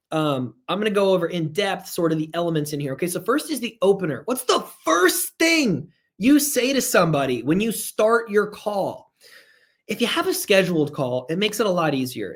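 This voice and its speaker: A man with a somewhat high voice leads a live online sales training. He talks with energy, hammers his points home by repeating them and chats with viewers as he goes.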